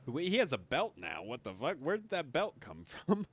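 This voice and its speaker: A young man giving casual movie commentary, excitable and sarcastic, swearing often. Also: a little high, normal speed, breathy edge. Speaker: movie reviewer.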